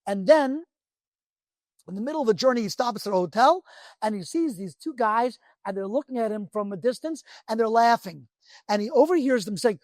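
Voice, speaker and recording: A man who is a rabbi teaching a Torah class, telling a parable in an animated, conversational way. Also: very high voice, brisk, dry recording. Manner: animated storyteller, emphatic and conversational.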